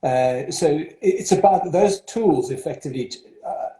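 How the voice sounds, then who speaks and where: Over a video call, a South African headmaster with a South African accent gives an interview, hesitant and full of fillers and restarts. His voice is on the high side, expressive and warm, at a normal speed. The room has a noticeable echo.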